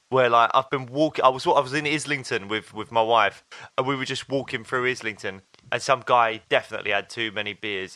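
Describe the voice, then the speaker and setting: Man from england, mid-pitched voice, bright tone, dry close sound, casual storytelling podcast chat. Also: dry recording. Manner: relaxed storyteller, acts out quotes. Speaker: podcast co-host.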